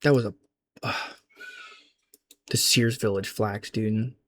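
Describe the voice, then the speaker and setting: A man's voice: fairly low pitch, takes it slowly, fairly bright tone, slight background noise. A young adult man in a casual, rambling gaming chat, loose and slangy, often restarting his sentences. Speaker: gaming vlogger.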